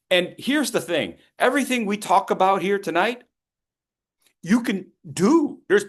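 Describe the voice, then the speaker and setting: A man in his fifties presenting a public speaking workshop, playful and encouraging as he calls on people by name. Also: on the high side. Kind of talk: lively interactive workshop coaching.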